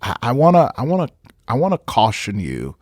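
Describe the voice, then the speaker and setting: A man's voice: mid-range voice, huge pitch swings, fairly quick, dry recording, clean studio sound. A man pastor delivering an emphatic podcast sermon, repeating phrases and breaking into casual asides. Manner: emphatic, repetitive, preacherly with conversational asides.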